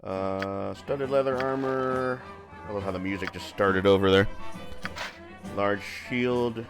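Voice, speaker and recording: A man's voice: fairly low pitch, steady tone, slow. A man streaming a video game, chatting casually in a rambling, filler-heavy way. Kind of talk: casual gaming stream chat. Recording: faint game music behind.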